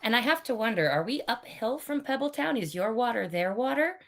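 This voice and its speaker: A woman playing in a tabletop game, speaking in a measured, questioning way. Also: on the high side, animated. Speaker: player. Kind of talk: casual tabletop play.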